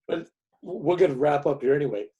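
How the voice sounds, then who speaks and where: Male host, dark mellow tone, halting questions. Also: fairly high pitch, lively intonation, muffled recording. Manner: halting, repeats words as he asks. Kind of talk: interview wrap-up questions.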